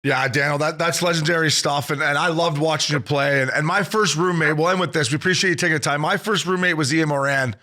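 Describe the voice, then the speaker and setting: A podcast host with a high, bright voice leans eagerly into the chat. He asks his questions keenly and breaks into laughter often. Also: fast talker, few pauses. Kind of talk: casual chat.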